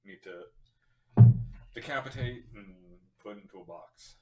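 Man, player, confident, deliberate, lowish voice, echoey room. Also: over loud music. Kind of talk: casual tabletop play. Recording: roomy echo.

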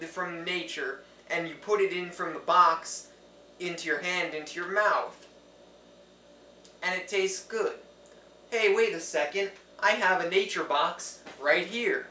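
A man improvising goofy parody ads in a rambling, deadpan way, correcting himself as he goes. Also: high voice, a little slow, recorded from a distance, background noise. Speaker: video creator.

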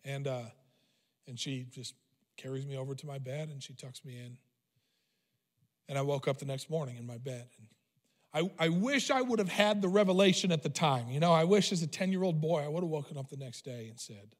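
A pastor telling a personal story in a sermon, conversational with frequent fillers and restarts. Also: male voice, a little high, in a large hall. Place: church sanctuary.

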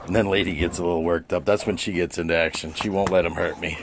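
A man's voice: deep voice, fairly even intonation, fast talker, background noise. A man playfully teasing his dogs in a casual home video, repeating commands and chatting about them. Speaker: dog owner filming his pets.

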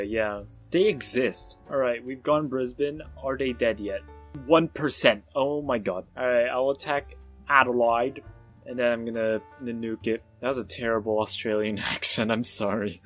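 Sarcastic young-sounding gaming commentator man. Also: medium pitch. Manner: sarcastic, excitable outbursts, self-mocking. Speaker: gaming YouTuber. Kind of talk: let's-play game commentary.

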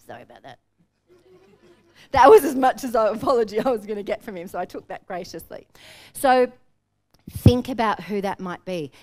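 Brisk Australian woman coaching a workshop. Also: medium pitch. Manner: energetic, direct, storytelling. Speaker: business coach. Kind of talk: workshop teaching. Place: seminar room with an audience.

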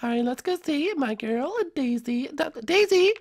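A woman's voice: sits high, moderate pace. A woman voicing a cheerful, chatty young princess who hosts the show, in a Minecraft role-play. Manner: peppy, chatty, excitable. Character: cheerful, bossy young princess hostess, Peach. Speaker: series host.

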